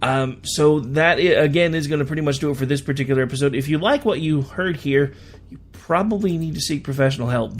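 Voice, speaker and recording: An American man hosting a radio show, reading international news aloud and breaking off into sarcastic, self-deprecating asides with halting restarts. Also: mid-range voice. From United States. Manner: reads news then adds chatty sarcastic asides. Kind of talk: casual news commentary.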